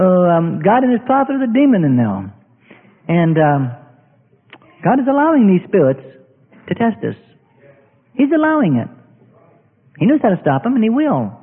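Animated preacher, high voice. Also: male voice. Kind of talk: sermon. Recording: tinny, echoey hall recording.

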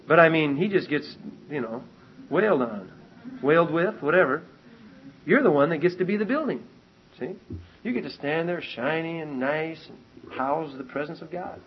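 A man preaching a sermon to a congregation, animated and emphatic, often restarting his sentences and rising to loud peaks. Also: on the high side, normal speed. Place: church meeting hall with congregation. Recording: muffled lo-fi recording.

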